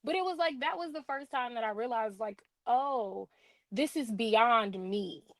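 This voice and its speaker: Unhurried and on the high side, a young female book reviewer chats as an interview guest in a dry recording. She tells lively stories, laughing and tossing in playful asides.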